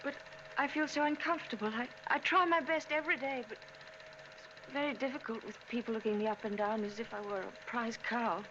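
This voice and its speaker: An actress playing a shy, anxious young bride, speaking in a hesitant, pleading way with stammering starts, in 1940s film acting. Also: female voice, on the high side, fairly even intonation, a little fast, noisy background, close to an everyday voice. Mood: uneasy. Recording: muffled old film soundtrack.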